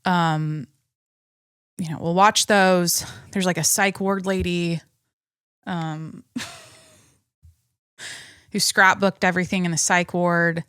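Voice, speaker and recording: A woman's voice: on the low side, fairly even intonation, slow pace, long pauses, fairly bright tone, clean tone, no room sound, studio quality. A young pregnant woman hosting her own podcast, talking in a rambling, chatty way with many restarts and small laughs. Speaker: podcast host. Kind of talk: casual solo podcast chat.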